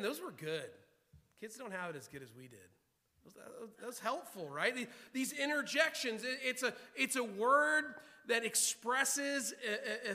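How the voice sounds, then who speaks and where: A man's voice: high-pitched, bright, forceful tone. A man preaching a sermon to his congregation, emphatic and repetitive, often restarting his words. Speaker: pastor. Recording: long hall reverb.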